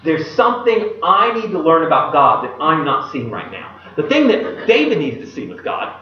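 A man preaching a sermon, retelling a Bible story in an animated way and putting questions to his listeners. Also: on the high side, moderate pace. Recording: echoey, distant, dull room recording.

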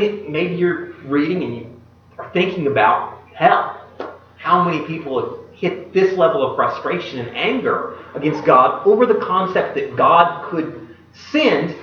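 A man preaching a sermon, retelling a Bible story in an animated way and putting questions to his listeners. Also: a little high, a little slow, slight background noise. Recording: echoey, distant, dull room recording.

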